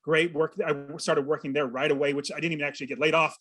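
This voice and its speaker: A man in his thirties, a podcast guest, telling a personal story with earnest, animated feeling and acting out his own thoughts. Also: fairly high pitch, quick pace. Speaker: podcast guest, real estate investor. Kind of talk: storytelling in an interview.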